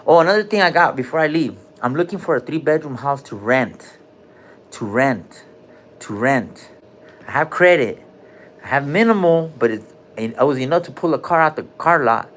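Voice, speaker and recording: A man's voice: fairly high pitch, slight background noise. A man hosting a casual livestream from a hospital room, joking loosely in heavy slang and calling out viewers' names. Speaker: livestream host.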